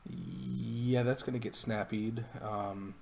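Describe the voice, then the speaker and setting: A man's voice: mid-range voice, steady tone, slow, gravelly, a little mellow. A man giving casual live commentary on a card game stream, chatty and rambling with many fillers and jokey asides. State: has the hiccups.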